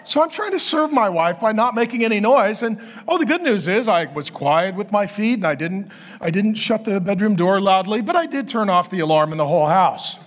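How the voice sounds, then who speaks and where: A man in his fifties, a pastor, giving a sermon as animated, self-deprecating stories. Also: high voice, brisk. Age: 50s. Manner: animated, self-deprecating storytelling with acted quotes.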